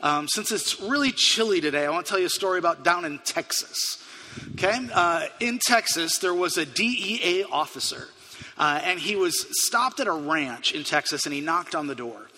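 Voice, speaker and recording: Male preacher, earnest storyteller; high, forceful voice in a reverberant sanctuary. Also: expressive, normal speed. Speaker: pastor. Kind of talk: sermon. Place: church sanctuary. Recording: long hall reverb.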